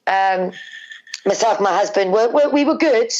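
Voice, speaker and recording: A middle-aged woman with a British accent, a guest telling an emotional family story with animated repetition for emphasis. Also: mid-range voice, moderate pace. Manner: animated, repeats words for emphasis. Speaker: guest, wrestler's mother. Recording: slightly dull lo-fi recording.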